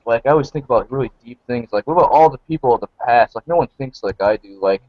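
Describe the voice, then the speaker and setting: A man in his late twenties rambles through casual stories, packing his talk with fillers. His voice sits at an ordinary pitch. The sound is dry and a little muffled, like a lo-fi voice chat. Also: expressive, quick pace, darkish tone, no room sound. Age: 20s. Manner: rambling, filler-heavy storytelling. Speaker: participant.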